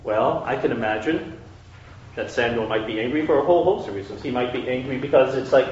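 A man's voice: medium pitch, a little fast, darkish tone, a little hiss or hum. A man teaching a conversational Bible study lesson. He asks his listeners questions and often checks that they are following. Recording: echoey room, distant dull mic.

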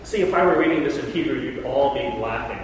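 A man's voice: medium pitch, quick pace, a little hiss or hum. A man preaching a sermon, retelling a story in a conversational way with joking asides. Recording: echoey hall, far from mic, dull.

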